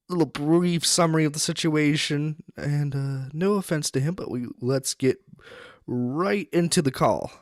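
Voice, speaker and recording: A man's voice: mid-range voice, no echo, clean studio sound. A man hosting an online radio show, commenting on internet drama with blunt, mocking jokes and frequent laughs.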